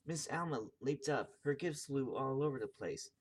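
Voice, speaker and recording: A man's voice: medium pitch, normal speed, slight background noise. A man reading a children's picture book aloud, tripping over words and correcting himself. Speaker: video host reading aloud.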